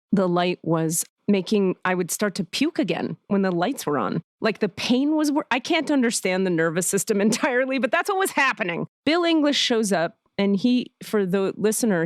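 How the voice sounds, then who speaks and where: A woman's voice: medium pitch, no echo, studio quality. A woman podcast host telling a personal story candidly and with feeling, with many restarts. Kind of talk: casual podcast chat.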